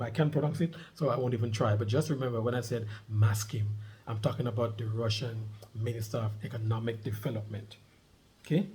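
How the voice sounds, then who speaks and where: A man's voice: mid-range voice, a little mellow. A middle-aged man vlogging, reading a news article aloud and breaking off to comment, repeating key points with emphasis. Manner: emphatic, repeats key points, asks listeners to underline words.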